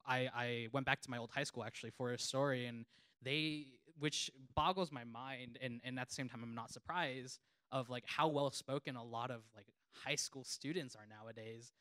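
A reporter on a panel rambles earnestly and leans heavily on fillers. His voice is smooth and resonant at a mid pitch. The sound is dry and close-miked. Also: fairly bright tone, no room sound. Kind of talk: panel discussion.

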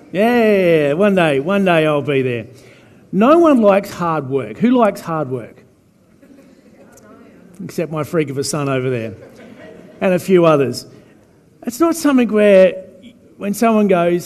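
A man's voice: sits high, big pitch swings, unhurried, pauses often, darkish tone. A man preaching a chatty, joking sermon as pastor. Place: church hall. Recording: reverberant church hall.

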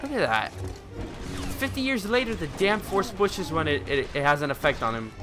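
A man giving casual, excitable commentary while playing a video game, swearing and yelling out his attack moves. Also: medium pitch. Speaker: let's play commentator. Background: loud game music.

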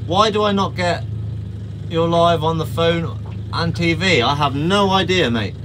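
A man's voice: fairly high pitch, a little slow, slight background noise. A man hosting a fishing livestream, chatting casually with viewers outdoors on a small boat. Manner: chatty, reads out viewer comments, friendly slang. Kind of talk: casual live-stream chat with viewers. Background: boat engine and water.

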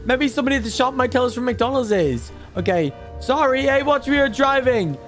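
Man doing a squeaky hyper baby boy. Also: animated, fairly quick, soft background music. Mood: excited. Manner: squealing, hyper, talks straight to viewers. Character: excitable little baby boy, greedy and cheeky. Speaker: gaming YouTuber. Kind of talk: game commentary in character.

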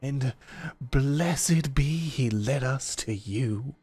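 A man's voice: mid-range voice, very slow, dark tone, slightly rough, pitched above the performer's own voice. A man voicing a menacing, folksy male cannibal raider who drawls and gloats. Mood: gloating.

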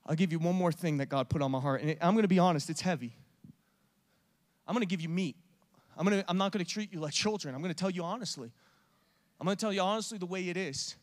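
A man preaching a sermon with passion, swinging from loud urging to hushed, intimate talk. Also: high voice, fast talker.

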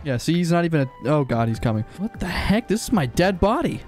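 A young man hosting a gaming channel, commenting on his gameplay in an excitable way and yelping and shrieking when startled. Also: fairly high pitch, brisk. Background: game music and sound effects.

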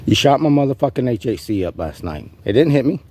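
A man's voice: medium pitch, very animated, fast, darkish tone, slight background noise. A man vlogging an in-character rant, rambling, profane and taunting an unseen rival.

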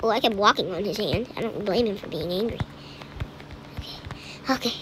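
A young woman giving lively running commentary on a scary game as host of a gaming channel, chatty and jumpy. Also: medium pitch, fast talker, background noise. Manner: excitable, jumpy, chatty, yelps and laughs at scares. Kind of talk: live gameplay commentary.

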